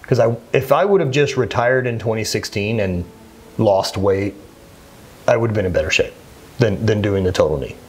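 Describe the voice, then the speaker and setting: A man's voice: lowish voice, moderate pace, a little mellow, husky. A man in his thirties, a former athlete, talking earnestly and plainly as an interview guest, often restarting his sentences. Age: 30s. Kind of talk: candid conversational interview.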